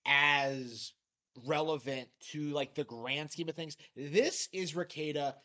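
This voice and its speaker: A man's voice: fairly high pitch, slow pace, pushed and bright. A man narrating a commentary video, sarcastic and incredulous. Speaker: YouTube commentator.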